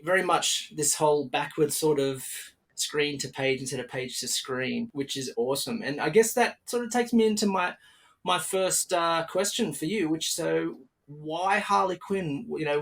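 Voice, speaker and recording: An Australian man with a fairly high, creaky voice hosts a relaxed podcast interview at a measured pace. Upbeat and talkative, he leans on fillers and often restarts his sentences.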